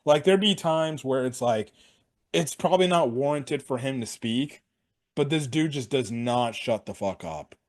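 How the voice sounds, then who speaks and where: Excitable, foul-mouthed young man recapping. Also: medium pitch, a little slow. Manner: excitable, heavy swearing, slangy. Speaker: wrestling show reviewer. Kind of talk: casual sports recap.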